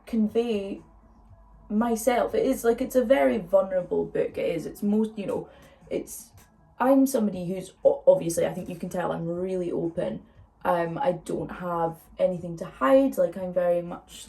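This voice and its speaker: A woman's voice: lowish voice, gravelly, dark tone. A young woman chats openly while doing her makeup, rambling with plenty of fillers in a casual get-ready-with-me talk. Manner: chatty and open, rambling with fillers. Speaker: vlogger. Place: indoors at home, doing makeup.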